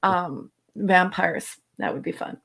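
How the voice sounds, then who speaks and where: A woman's voice: fairly low pitch, slow pace, vocal fry, fairly bright tone. Chatty enthusiastic woman co-host. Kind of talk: casual chat.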